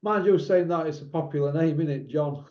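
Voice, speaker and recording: A man's voice: on the high side, a little fast, muffled recording. A man hosting a casual online boxing chat show, talking in a blunt, outspoken, rambling way. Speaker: boxing channel host.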